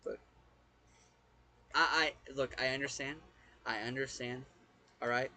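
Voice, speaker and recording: A man's voice: mid-range voice, steady tone, measured pace, pushed and bright. A young man giving casual let's-play commentary as a gaming host, rambling and hesitant, often repeating words and swearing offhand.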